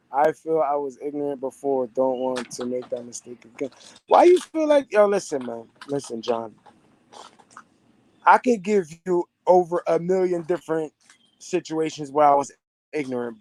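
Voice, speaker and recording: A man's voice: fairly high pitch, very animated, moderate pace, a little mellow, slight background noise. A young man talking casually and profanely to his viewers, streetwise and repeating himself. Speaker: vlogger.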